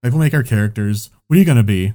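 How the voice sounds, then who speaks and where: A man's voice: medium pitch, lively intonation, very fast, warm tone. A man telling a long casual anecdote, rambling with lots of "like" and swearing. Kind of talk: casual chat.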